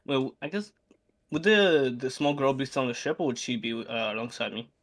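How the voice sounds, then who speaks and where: A man at a tabletop game describing what his character does, mid-pitched and casual. He restarts sentences often and laughs between them. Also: lively intonation, brisk, a bit bright. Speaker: player.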